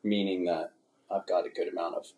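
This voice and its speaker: Male podcast host, low gravelly voice, casual and foul-mouthed. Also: little pitch movement, a little fast, warm tone. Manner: profane, rambling, laid-back. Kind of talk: casual chat. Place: indoors, drinking wine.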